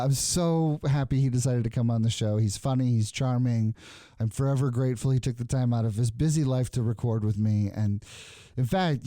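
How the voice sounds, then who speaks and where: A man's voice: mid-range voice, mellow, no echo. A young man hosting an improvised comedy podcast from a studio, introducing his guest and then playing it straight while interviewing him with playful questions. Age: young adult. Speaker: podcast host.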